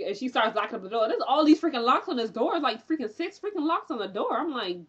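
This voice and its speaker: A young woman recapping a TV episode in a chatty, animated way, with lots of fillers and frequent laughter. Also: a little high, fast talker, hardly any pauses, slightly rough, dull audio. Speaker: TV recap reviewer.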